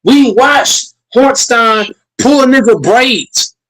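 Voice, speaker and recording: A man's voice: extremely high pitch, takes it slowly, fairly bright tone, low-quality recording. A man streaming a heated, profane rant, repeating himself and talking straight to his chat.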